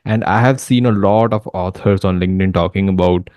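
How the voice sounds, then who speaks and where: A man's voice: low-pitched, steady tone, fairly quick, a little mellow, no room sound. A man hosting a reaction video, talking casually and loosely. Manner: casual, with restarts and a laugh.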